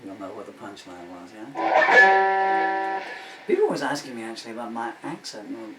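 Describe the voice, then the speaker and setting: A man's voice: medium pitch, big pitch swings, normal speed. A man in his sixties who grew up in England, a singer-songwriter chatting between songs in a rambling, self-mocking way full of asides. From England, of Irish family. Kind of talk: casual chat between songs. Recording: roomy room, distant mic, guitar.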